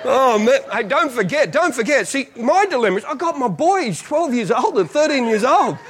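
A man's voice: extremely high pitch, big pitch swings, normal speed, breathy edge. A male pastor preaching a sermon as a comic, self-mocking story, often laughing through his lines.

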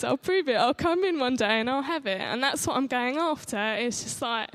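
A woman giving an informal, excitable sermon and testimony, chatty and rambling, often restarting her sentences. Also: high voice, normal speed, few pauses. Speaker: church speaker giving testimony.

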